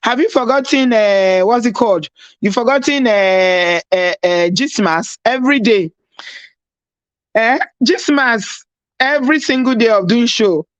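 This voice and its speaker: A woman with a Nigerian accent hosts a casual live stream without her usual mic. She chats with viewers, laughs often and drops into Pidgin, and her voice sounds husky. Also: a little high, a little slow, no echo, highs cut off. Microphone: no proper mic, device mic.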